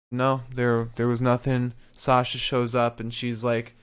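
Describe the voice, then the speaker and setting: A man's voice: medium pitch, moderate pace, few pauses, clean tone. A young man co-hosting a wrestling podcast, recapping the show in a laid-back, casual way with plenty of swearing. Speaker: podcast co-host.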